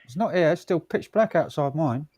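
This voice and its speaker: A man's voice: fairly high pitch, animated, moderate pace, crowd noise. A man chatting casually on a group stream in a matter-of-fact, easygoing way. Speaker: stream participant. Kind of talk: casual chat.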